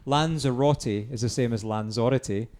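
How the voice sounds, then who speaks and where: A man's voice: mid-range voice, very animated, quick pace. A man co-hosting a casual podcast, teasing and bantering with his guest. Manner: teasing, banters about pronunciation. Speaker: podcast co-host. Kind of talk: casual chat.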